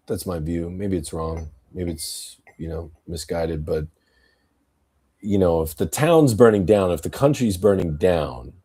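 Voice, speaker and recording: Low, dark-voiced man ranting bluntly. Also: slightly rough. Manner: blunt, profane, rambling political rant; tells stories with acted quotes. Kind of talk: casual podcast talk.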